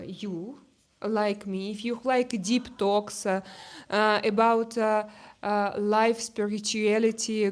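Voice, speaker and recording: A woman with a Russian accent chats casually on a livestream, answering viewer comments. She talks slowly and hesitantly, with many fillers and restarts, in a fairly high voice. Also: a little mellow. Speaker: livestream host. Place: outdoor terrace.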